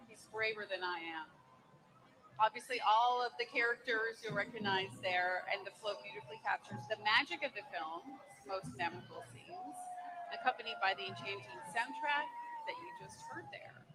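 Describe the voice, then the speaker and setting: A woman's voice: medium pitch, sing-song, moderate pace, low-quality recording. A woman doing live commentary at an outdoor winter parade, reading scripted introductions of each entry with casual asides. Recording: outdoor broadcast with band music behind.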